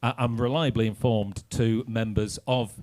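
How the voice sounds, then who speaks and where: A man's voice: medium pitch, steady tone, moderate pace, a little mellow. A man with a Lancashire accent hosting a band's live stream, cheery and rambling, poking fun at himself. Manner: cheery, rambling, self-mocking. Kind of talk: live stream banter and announcing. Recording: live stream with band music behind.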